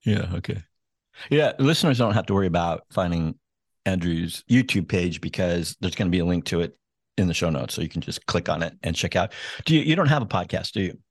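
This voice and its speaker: A man's voice: sits low, lively intonation, a little fast, no room sound, clean studio sound. A man hosting an interview podcast, moving things along with brief, friendly questions. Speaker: podcast host, attorney. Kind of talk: casual interview chat.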